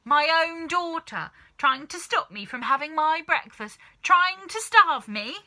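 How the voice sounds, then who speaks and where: A bellowing, bad-tempered old grandmother from a children's storybook, as a woman reader puts her on. She drags out her words, pitched high and loud, hurling accusations in a bright, cutting tone. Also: lively intonation, a little slow, heavily acted. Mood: outraged. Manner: shouting, accusing.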